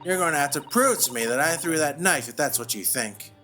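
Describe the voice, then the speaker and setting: A woman's voice: deep voice, animated, a little fast, a bit bright, faint music behind. A man voicing a flustered, defensive housewife on a jury, fussy and indignant as he reads game dialogue aloud. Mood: distraught. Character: flustered middle-aged English housewife juror, defensive.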